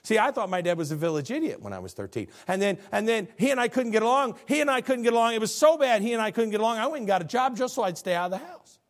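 A middle-aged man preaches to a congregation in a fairly high voice. His delivery is plain and folksy, and he walks through terms one by one. He keeps posing rhetorical questions to the room. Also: expressive, very fast, hardly any pauses. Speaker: pastor. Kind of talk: sermon. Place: church service before a congregation.

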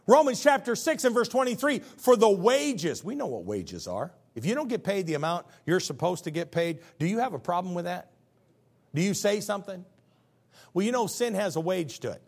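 Raspy, lively-pitched preaching man. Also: fairly quick. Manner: emphatic preaching with sudden swings between loud and hushed; folksy, conversational asides to the congregation. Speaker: pastor. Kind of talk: sermon.

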